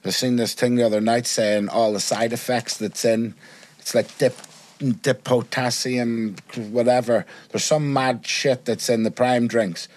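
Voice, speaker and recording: A man hosting a relaxed podcast conversation in a mid-pitched voice. He talks with emphatic conviction, leaning into his points and checking in with his listener. His tone is that of a loose, friendly chat. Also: a little slow. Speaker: podcast host.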